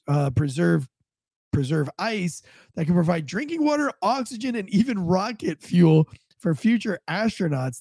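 A man's voice: high voice, gravelly, a little mellow, no echo. A man hosting a casual news commentary show with a stuffed-up head cold, rambling with many fillers and restarts. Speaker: host.

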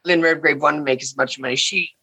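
An older woman, an actress guest, telling a story in a lively, blunt way. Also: sits low, fast talker, rough recording. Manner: vivid, blunt anecdote-telling with bursts of laughter. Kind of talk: animated storytelling.

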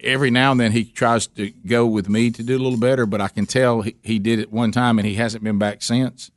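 Male radio host, animated storyteller. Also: medium pitch, a little fast. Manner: animated storyteller, jokey asides; clowns through a mangled French accent. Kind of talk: casual morning-show banter.

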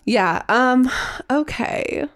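A woman's voice: high voice, lively intonation, very slow. A young woman co-hosting a casual podcast chat, giggling often and trailing off into fillers. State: pregnant. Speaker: podcast co-host.

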